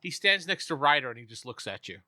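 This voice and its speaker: A man running a tabletop game as game master, narrating in a relaxed, hesitant way. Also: fairly high pitch, quick pace, no echo.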